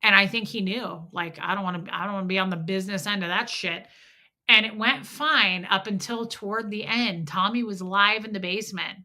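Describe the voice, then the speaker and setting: A woman telling a personal story on her livestream, candid and animated, acting out quotes and swearing freely. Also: mid-range voice. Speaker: livestream host. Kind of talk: casual live chat storytelling.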